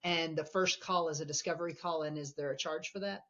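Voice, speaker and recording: A woman's voice: low voice, steady tone, brisk, fairly bright tone. Lo-fi woman host asking questions. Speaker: podcast host. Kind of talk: podcast interview questions.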